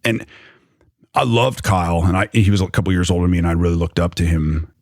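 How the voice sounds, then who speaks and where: A man's voice: low voice, steady tone, fast talker, darkish tone, no room sound, studio quality. A young man recounting a personal story in loose, rambling conversation, full of fillers. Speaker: storyteller recounting his past.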